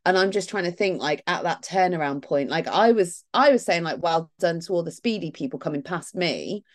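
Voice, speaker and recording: A woman co-hosting a podcast in casual chat, animated and laughing often, mimicking others. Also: on the low side, brisk. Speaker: podcast co-host.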